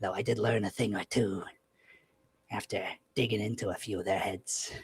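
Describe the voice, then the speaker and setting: Male GM voicing a high, loud sneering villain captain, booming taunts, husky edge. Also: steady tone, moderate pace. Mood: taunting. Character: small gleeful villainous male captain with megaphone.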